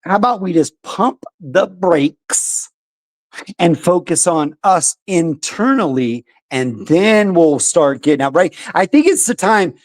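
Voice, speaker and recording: A young American man hosting a podcast, ranting loudly about politics with a combative, profane manner. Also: a little high, expressive, slow. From United States. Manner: loud, combative, swearing. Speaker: podcast host.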